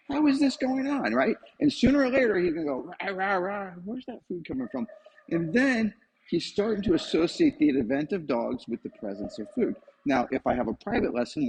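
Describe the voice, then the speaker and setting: A man teaching about dog training in casual speech. He acts out the dog's thoughts in quick voiced asides, and the recording is slightly distorted. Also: medium pitch, a little mellow, lo-fi sound. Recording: slightly distorted with faint noise.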